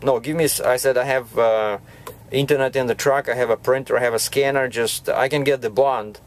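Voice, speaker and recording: A man's voice: mid-range voice, steady tone, a little fast. Rambling trucker man telling a story. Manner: rambling, with frequent restarts and "you know, right?". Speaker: truck driver. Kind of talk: casual storytelling vlog. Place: truck cab.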